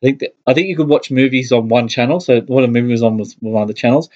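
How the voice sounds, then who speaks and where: A man's voice: medium pitch, fast talker, darkish tone, muffled recording. A man co-hosting a podcast, telling a story with enthusiasm. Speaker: podcast co-host. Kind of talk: casual chat about movies.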